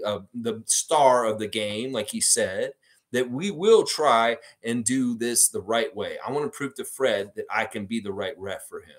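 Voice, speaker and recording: An earnest male referee speaks solemnly and sincerely, promising to be fair, as a man puts him on. The voice is an ordinary mid-pitched man's speaking voice, steady and serious.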